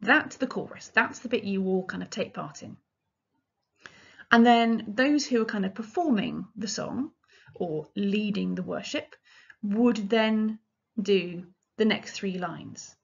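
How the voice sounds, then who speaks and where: A woman lecturer gives an illustrated lecture on music history in a loose, chatty, explanatory way, with frequent ums and restarts. Her medium-pitched voice is slow, creaky, and slightly rough, and the lo-fi sound is slightly dull.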